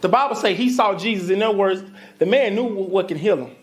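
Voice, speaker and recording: A woman pastor with a Southern US accent preaches a sermon, talking fast at a medium pitch. She's animated and conversational, calling out to the congregation.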